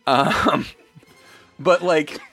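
Male podcast co-host, lively storyteller, bright tone, slightly high voice. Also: drawn-out words, soft background music. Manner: animated, laughing storyteller, acts out quotes. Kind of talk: casual chat.

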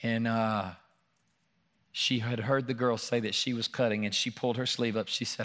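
Male pastor, mid-pitched, earnest sermon delivery that climbs on scripture and softens on stories. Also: steady tone, a little slow, long pauses. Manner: earnest preaching, rising and louder when reading scripture, hushed in personal stories. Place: church room.

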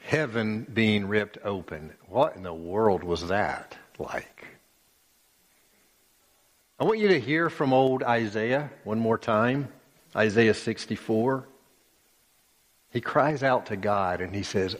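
Male pastor delivering a sermon, unhurried and emphatic, in a church hall with long reverb. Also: lowish voice, lively intonation. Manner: slow and emphatic, with many pauses and repeated phrases.

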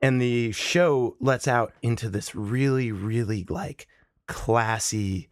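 A man's voice: medium pitch, slow, no room sound. A man casually telling a wild story, swearing freely and acting out the people in it. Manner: profane, animated, acts out the people in his stories.

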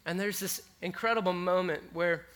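High, bright-voiced preacher man. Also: normal speed. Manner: conversational, animated, swinging between hushed and excited. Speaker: pastor. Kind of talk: sermon.

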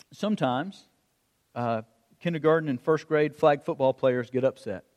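A middle-aged man preaching a sermon, telling stories in an animated way and acting out the calls of a coach. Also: medium pitch. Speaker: pastor. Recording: long hall reverb.

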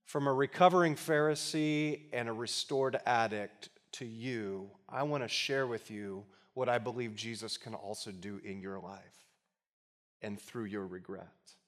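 Preaching with a lowish voice at an unhurried pace, this pastor keeps his sermon conversational and emphatic, adding bits of humor and occasionally softening into quiet, heartfelt appeals.

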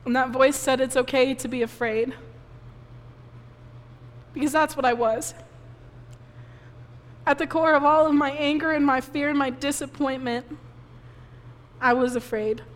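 Woman pastor, tearful sermon testimony, high voice, long hall reverb. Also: steady tone, moderate pace, pauses often. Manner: emotional personal testimony, tearful at times. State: crying softly.

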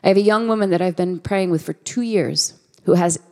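Woman in her 30s preaching, chatty storytelling sermon, fairly low voice, acts out the people she quotes. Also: a little fast, a little mellow. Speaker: guest preacher.

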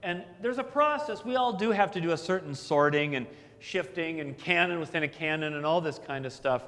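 A man preaching a sermon as the pastor, telling stories in a relaxed, conversational way with asides. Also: fairly high pitch, a little fast, in a large hall.

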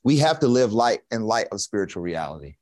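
A man's voice: fairly low pitch, big pitch swings, a little fast, a little mellow, no room sound. A man preaching a conversational sermon in a casual, folksy way, with slang and chuckles.

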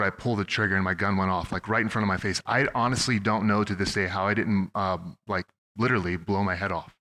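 A man's voice: lowish voice, bright, forceful tone. A young man from Oregon, a pastor preaching a sermon, telling stories in a conversational way with frequent restarts. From Oregon, USA. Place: church sanctuary. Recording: long hall reverb.

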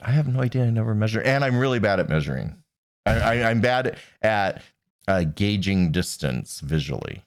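A man's voice: on the low side, big pitch swings, normal speed, no echo, studio quality. A gay man co-hosting a podcast, joking wryly and laughing easily in casual banter. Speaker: podcast co-host.

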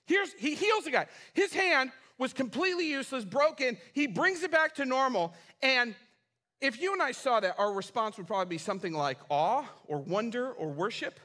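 Male pastor, high bright voice, casual and funny while preaching. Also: moderate pace. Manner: animated, casual, humorous storytelling. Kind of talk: sermon. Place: church.

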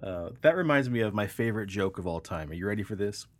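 A man co-hosting a casual podcast, an animated storyteller who laughs easily. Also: lowish voice, fast talker. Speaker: podcast co-host. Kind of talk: casual chat, joke telling.

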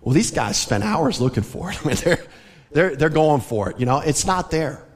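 Earnest preacher in an echoing church. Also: male voice, fairly high pitch, sing-song, moderate pace, creaky. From American South. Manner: earnest, conversational preaching with light laughs. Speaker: pastor. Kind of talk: sermon. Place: church sanctuary.

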